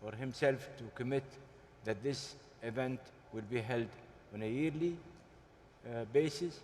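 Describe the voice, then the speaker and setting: A man speaking on a forum panel, deliberate and emphatic, pausing often with hesitations. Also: medium pitch, a little mellow, a little hiss or hum. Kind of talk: panel discussion. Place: large conference hall. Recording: hall reverb, faint ambience.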